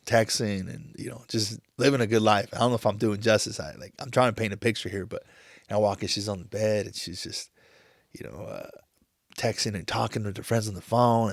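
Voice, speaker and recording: A man in his thirties talking on a podcast, emotional and halting, tearing up as he speaks with many restarts. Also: fairly low pitch, creaky, no room sound, studio quality. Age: 30s. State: tearful. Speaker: podcast host. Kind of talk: casual chat.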